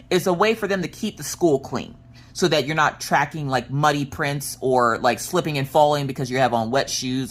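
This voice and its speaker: A woman in her thirties, a crafting vlogger, telling stories in a chatty, animated way with joking asides. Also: rumbling low. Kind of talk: casual storytelling chat.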